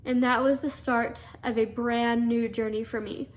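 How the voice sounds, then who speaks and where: A woman's voice: on the high side, level tone, unhurried. A young adult woman earnestly telling a personal story, full of fillers and restarts. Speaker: guest telling her story.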